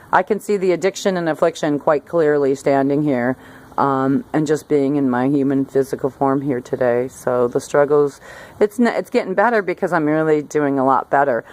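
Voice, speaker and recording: A middle-aged woman with a low voice talks to her camera outside by a hillside garden. She rambles and restarts her sentences, laughing now and then as she goes. It sounds like a relaxed chat about her day. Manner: rambling, self-interrupting, laughs often. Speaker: vlogger. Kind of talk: casual talk to camera.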